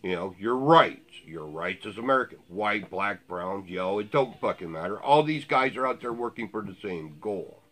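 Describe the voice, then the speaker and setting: A man's voice: fairly low pitch, animated, moderate pace, hardly any pauses, a bit bright. A man ranting in blunt, profane, sarcastic commentary to his viewers. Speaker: vlogger.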